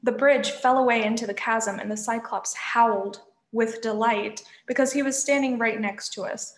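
A woman's voice: fairly high pitch, moderate pace, roomy sound. Woman reading a novel aloud. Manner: lively first-person narration, shouting quoted lines. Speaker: reader.

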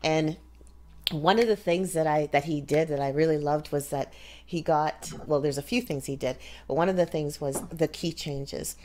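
A woman hosting a casual chat, talkative and quick to laugh. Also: low voice, fairly even intonation, darkish tone. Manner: chatty, laughs easily. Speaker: host.

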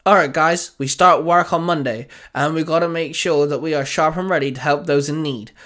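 A man's voice: on the high side, steady tone, moderate pace, sharp tone. A man voicing a brave young male firefighter who speaks urgently in a raised voice. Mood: earnest.

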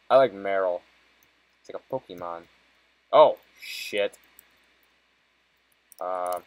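A man's voice: low voice, rough recording. A young man giving casual, profanity-heavy commentary while playing a video game, frustrated and joking. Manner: swears constantly, frustrated and joking. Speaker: let's play gamer.

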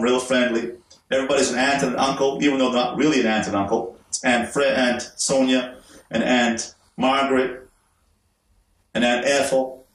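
A man with a middle-pitched voice talks through an illustrative, gently humorous story. He is recorded with a roomy echo, and the mic is set some distance away. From Montreal, Canada. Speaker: relationship teacher. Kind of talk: storytelling talk with demonstrations.

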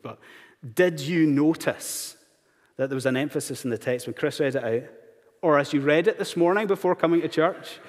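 A man's voice: fairly high pitch, a little mellow. A man preaching a sermon in a church, asking the congregation one earnest rhetorical question after another. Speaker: pastor. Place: church sanctuary. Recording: long hall reverb in church.

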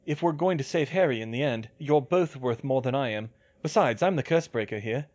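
A man doing a steady young curse breaker, a capable older-brother type. He speaks firmly and plainly, in a mid-range voice close to the reader's own, with a bit more push behind it. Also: medium pitch, brisk, dull audio, natural voice. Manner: calm, firm, matter-of-fact.

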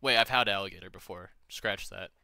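A man's voice: sits low, brisk, creaky, sharp tone, no room sound, clean studio sound. A young man chatting casually with friends while gaming, rambling, joking and swearing freely. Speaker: gamer streaming with friends.

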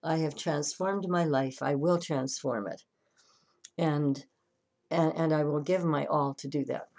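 A woman's voice: sits low, fairly even intonation, measured pace, darkish tone. A woman voicing a desperate middle-aged man who pleads and bargains with God. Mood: pleading.

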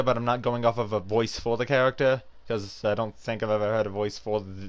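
A man streaming a fighting game, chatting casually with his viewers and often trailing off into quiet mumbles. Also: fairly low pitch. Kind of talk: casual gaming stream chat.

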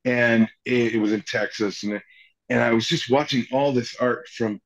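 An actor in his forties tells stories at a normal speed during a casual interview, and the sound is slightly muffled. He's animated throughout, his pitch jumping up whenever he quotes other people.

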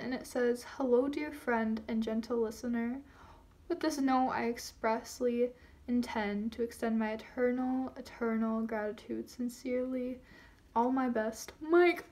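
A woman's voice: sits high, slight background noise. A teenage girl rambling through an unboxing in a giddy, self-conscious way, apologizing for how she sounds. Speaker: vlogger. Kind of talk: casual unboxing vlog.

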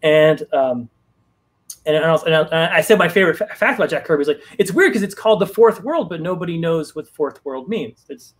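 A man's voice: a little high, lively intonation, a little fast. Rambling man telling a story. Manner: rambling, many fillers and restarts. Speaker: guest writer. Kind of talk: casual storytelling in a live Q&A.

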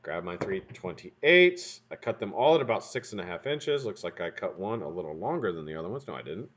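A deep-voiced man hosts a casual live stream from a room at home, building vape coils at his bench while chatting, swearing freely, and tossing joking asides to chat. He's very animated and brisk, with a slightly bright tone. The stream audio is dull and lo-fi.

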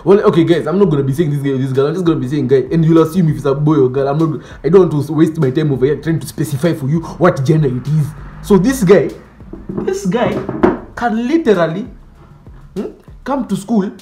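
A man doing a comic monologue about school types, animated and mock-outraged, dropping Swahili slang. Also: a little high, a little fast, echoey room, soft background music. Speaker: comedy sketch creator. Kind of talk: comedic monologue with skits.

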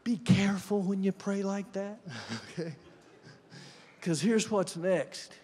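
A man's voice: sits high, slow, a little mellow. A man giving a guest sermon in a church, talking conversationally and asking the congregation questions. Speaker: guest preacher. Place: church sanctuary. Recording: long church hall reverb.

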